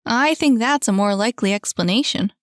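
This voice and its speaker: A woman's voice: a little high, brisk, no room sound, studio quality, natural voice. A woman voicing a boastful, teasing young woman who loves to win at video games. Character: teasing young woman gamer, cocky and playful.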